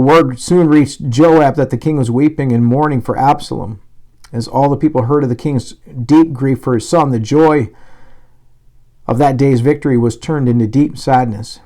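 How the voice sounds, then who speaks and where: A pastor, a man with a mid-range voice, reads scripture aloud and lends energetic emphasis to the characters' words. Occasional slips lead him to begin lines again.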